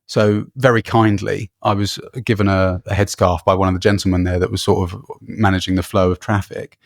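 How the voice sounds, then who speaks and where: Male podcast co-host, gravelly voice, dry close sound, rambling anecdotal delivery. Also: low-pitched, flat delivery, fairly quick, no echo. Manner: rambling anecdotes with frequent fillers and laughs. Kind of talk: casual travel storytelling.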